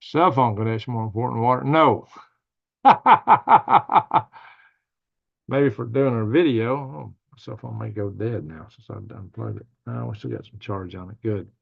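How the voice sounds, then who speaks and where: A man's voice: lowish voice, fairly quick, gravelly, hardly any pauses, narrow, tinny audio. A man hosting a casual livestream, reading viewer comments aloud and answering them in a rambling, thinking-aloud way. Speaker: livestream news host.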